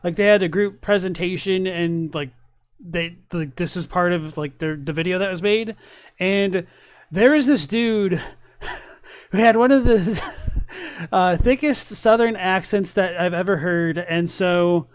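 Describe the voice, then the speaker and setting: A man's voice: high voice, measured pace, clean tone, no echo, clean studio sound. A man chatting loosely as a streamer reacting to lore videos, rambling with many fillers and asides. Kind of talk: casual reaction commentary.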